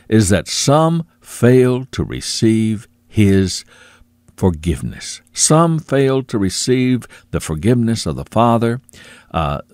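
A man preaching a sermon, earnest, repeating phrases for emphasis and dropping low and quiet on asides to the listener. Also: no room sound, clean studio sound.

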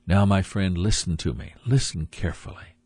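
A man preaching a sermon, earnest and emphatic, repeating his phrases and dropping low for asides. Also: normal speed, a little mellow, breathy edge, no echo.

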